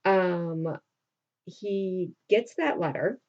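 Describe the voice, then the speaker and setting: A woman teacher walks her class through a play in a loose, chatty manner, stopping to put questions to the students. Her voice is dark and mellow, and the recording sounds dull and lo-fi. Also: fairly low pitch, very slow.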